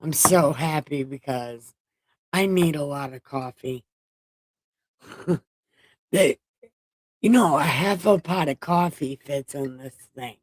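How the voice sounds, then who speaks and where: A woman with a deep voice speaks slowly and pauses often, and the recording is dry. She's hosting a casual livestream from home, reading the Bible aloud. Along the way she jokes, swears, and brags playfully.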